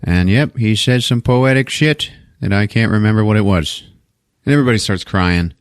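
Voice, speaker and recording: A man hosting a podcast, recapping a movie in casual, profane, animated storytelling. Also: lowish voice, moderate pace, clear, resonant tone, dry recording, studio quality. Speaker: podcast host.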